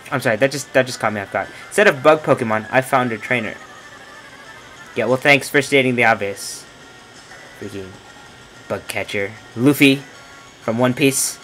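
A man's voice: moderate pace, long pauses, faint music behind, poor audio. A young man playing a video game and commenting as he goes, joking and trash-talking the characters on screen. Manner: joking, trash-talks game characters, lively swings of pitch. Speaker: let's play gamer. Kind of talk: playthrough commentary.

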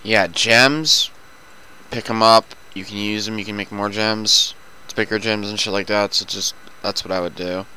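A man's voice: lowish voice, steady tone, moderate pace, pushed and bright, clean tone, low-quality recording. A man chatting casually and profanely while playing a video game with a friend. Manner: profane, loose and talkative. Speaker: gaming commentator. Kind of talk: casual gameplay chat.

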